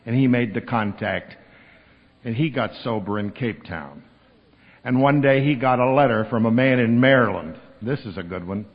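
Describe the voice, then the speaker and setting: A man telling a long story at a recovery meeting, animated and acting out the people he quotes. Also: mid-range voice, moderate pace. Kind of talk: storytelling talk. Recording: dull lo-fi recording with long hall reverb.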